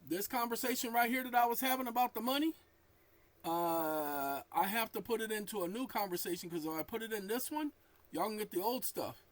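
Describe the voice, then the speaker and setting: A weary man with a high voice speaks fairly quickly to his viewers, reading aloud and naming each comma and period in a casual talk to camera as the channel host. Audio quality is poor.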